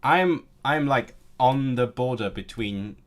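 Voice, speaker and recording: A man's voice: mid-range voice, lively intonation, slow. Stammering, chatty man. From Hong Kong. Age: late 20s. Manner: chatty and joking, with frequent stammered restarts. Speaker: language-learning streamer. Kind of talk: casual live-stream chat, reading out viewer comments.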